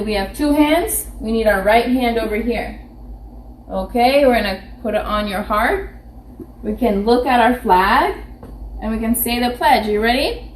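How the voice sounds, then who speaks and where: A young preschool teacher with a higher-pitched voice leads a live online phonics lesson for small children. She asks questions, answers them herself, and carefully sounds out letters. The audio comes from a webcam or phone camera and has slight background noise.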